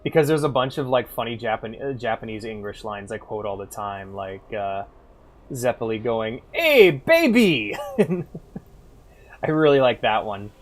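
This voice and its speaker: A man streaming a game and chatting casually, loud and animated, swearing and laughing as he plays. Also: lowish voice, normal speed. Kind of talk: casual gaming stream chat.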